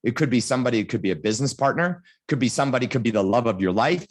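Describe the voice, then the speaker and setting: A man on a panel giving advice as a motivational speaker, telling lively stories and acting out little scenes. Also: medium pitch, racing. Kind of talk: storytelling advice.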